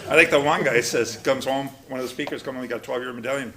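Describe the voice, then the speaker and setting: A man leads a recovery study class in a casual, animated style, acting out quotes as he goes. He talks fast in a mid-range voice, with a crowd audible behind him.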